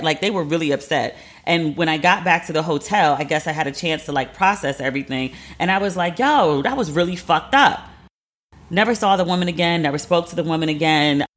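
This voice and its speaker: A woman's voice: low voice, a bit bright. A woman host telling a personal story in a casual monologue, candid and profane, acting out quoted lines of herself and others.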